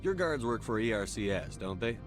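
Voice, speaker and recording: A man's voice: on the low side, big pitch swings, brisk, music in the background. An actor voicing a direct, questioning male commander in a video game.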